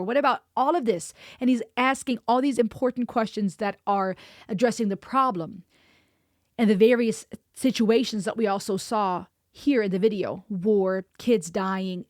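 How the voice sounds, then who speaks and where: A woman's voice: mid-range voice, no echo, clean studio sound. A woman hosting a music reaction video, talking in an earnest, impassioned way and repeating lines for emphasis. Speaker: music reaction channel host.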